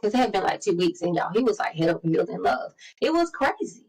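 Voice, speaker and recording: A woman in her forties co-hosting a podcast, telling stories in lively casual chat and acting out the quotes. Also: on the low side, fast, husky, rough recording. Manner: animated storyteller, acts out quotes. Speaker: podcast co-host.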